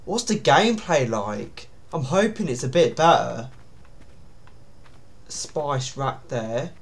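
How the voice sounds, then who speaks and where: A man's voice: mid-range voice, animated, takes it slowly. A man giving nervous, jumpy commentary on a horror game, with sudden startled yelps. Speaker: gaming YouTuber.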